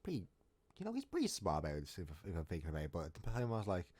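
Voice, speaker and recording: A man's voice: low voice, huge pitch swings, very fast, a little mellow, husky. Rambling, jokey young man. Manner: rambling and jokey, with frequent restarts. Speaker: storytime vlogger. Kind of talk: casual storytelling.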